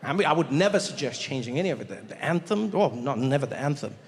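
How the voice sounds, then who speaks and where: A man with a South African accent doing a stand-up set in a theater, animated and mocking in a conversational way. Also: mid-range voice, quick pace, long reverb tail. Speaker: stand-up comedian.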